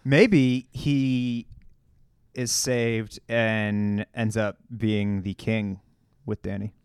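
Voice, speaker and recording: A man's voice: fairly low pitch, little pitch movement, very slow, clear, resonant tone, no room sound, studio quality. Laid-back slangy man chatting. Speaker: podcast co-host. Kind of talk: casual chat about a TV episode.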